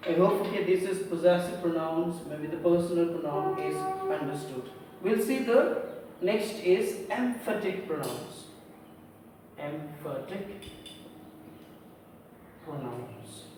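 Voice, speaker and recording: A woman's voice: on the low side, lively intonation, unhurried. A woman teacher gives a grammar lesson to a class. She keeps saying "okay", asks questions and answers them herself. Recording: very echoey room, distant mic, faint hum.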